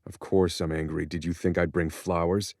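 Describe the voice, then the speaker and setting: A man's voice: low voice, level tone, normal speed, no room sound, clean studio sound. A man voicing a bitter, furious young son. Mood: angry. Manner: clipped, forceful and confrontational. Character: angry young adult son, bitter and cutting. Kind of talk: audiobook character voice.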